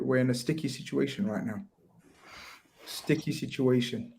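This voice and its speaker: A man's voice: mid-range voice, normal speed. A man with a London accent ranting and teasing his friends in a casual football chat on a podcast.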